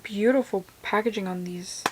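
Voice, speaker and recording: A young woman reviewing makeup in a casual vlog, chatty and gushing, full of "like", sometimes dropping to soft asides. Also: mid-range voice, moderate pace, a little hiss or hum. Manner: chatty and effusive, lots of "like", drops to soft asides. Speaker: beauty vlogger.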